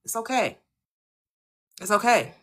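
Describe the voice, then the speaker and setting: Host type: American woman, bright, earnest motivational coach who repeats points for emphasis. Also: a little slow. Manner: earnest, coaching, repeats phrases, lively swings in pitch. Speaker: manifestation channel host. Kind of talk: motivational spiritual talk.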